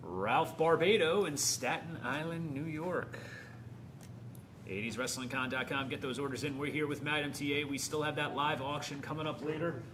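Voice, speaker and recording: A man's voice: on the high side, normal speed, background noise. A man hosting a live online autograph signing, chatting about wrestling and reading out fan names and orders. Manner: reads out fan names and towns, plugs the website. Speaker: host of live virtual signing. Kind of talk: casual live-stream hosting.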